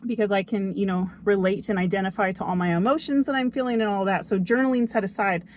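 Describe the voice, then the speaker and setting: This young woman, a vlogger, talks fast in a steady, mid-range voice with a darkish tone while giving an earnest, upbeat motivational talk to camera near a tree outdoors. Slight background noise is present, and she keeps chatting with frequent "okay?" and "oh my gosh."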